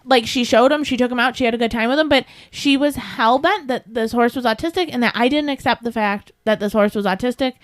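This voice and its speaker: A woman co-hosting a podcast, animated and laughing often as she tells a story, speaking close to the mic. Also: on the high side, brisk, few pauses, no room sound. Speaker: podcast co-host and horse trainer. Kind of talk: casual storytelling chat.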